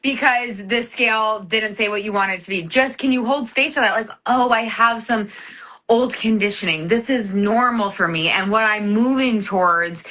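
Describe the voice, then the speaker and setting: A woman's voice: mid-range voice, moderate pace. A woman host from the American South, chatting casually and animatedly on a live stream, wandering into tangents. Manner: animated, tangents, talks about focus. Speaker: podcast host.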